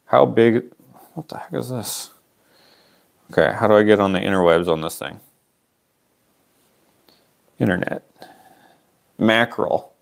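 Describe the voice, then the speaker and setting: With long pauses and some vocal fry, a man in his late twenties from Canada speaks unhurriedly in a lowish voice. He's hosting a livestream auction with a microphone on, chatting through a rambling story and repeatedly interrupting himself for digressions.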